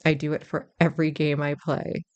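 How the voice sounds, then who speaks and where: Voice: mid-range voice, flat delivery, fairly quick, lo-fi sound. A gameplay commentator chatting casually and thinking aloud in a self-deprecating way while playing a role-playing game. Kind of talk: casual let's-play commentary.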